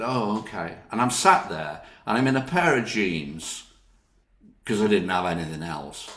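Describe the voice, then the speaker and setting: An older man with a Northern English accent, an actor telling anecdotes in an interview, laughing often and acting out what others said. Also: fairly low pitch. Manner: lively, laughs often, quotes others in their voices. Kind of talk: anecdotal storytelling. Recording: roomy echo.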